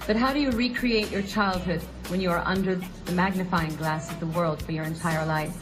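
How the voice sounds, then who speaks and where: A woman's voice: fairly low pitch, steady tone, poor audio. A woman in her fifties from the US Midwest, delivering a prepared, reflective tribute speech. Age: 50s. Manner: measured, reflective. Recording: music clearly behind.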